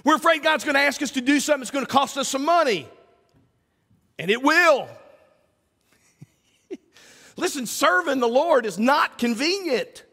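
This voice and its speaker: Animated preacher in a reverberant church. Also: male voice, very high voice, normal speed, pauses often. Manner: animated preaching, swings from loud calls to hushed asides. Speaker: pastor. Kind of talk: sermon. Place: church sanctuary. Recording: church sanctuary with long reverb.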